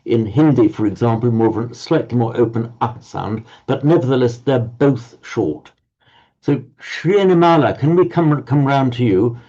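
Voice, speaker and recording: A man's voice: medium pitch, animated, moderate pace, mellow. A man teaching Pali pronunciation to a group class, patiently correcting students and often repeating words while he searches for the next one. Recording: dull lo-fi audio.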